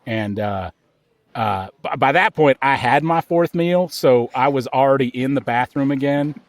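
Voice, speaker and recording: A man's voice: measured pace, dry recording, lightly acted. A man playing a lazy, bumbling police officer who rambles and stammers in an improv comedy scene. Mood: flustered. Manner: rambling, stammering, jumping up in pitch.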